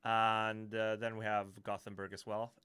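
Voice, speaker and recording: Rambling Swedish-accented man, low voice. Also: monotone, unhurried, pushed and bright, smooth. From Sweden. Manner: rambling, self-correcting, playful. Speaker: livestream host. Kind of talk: casual live Q&A chat.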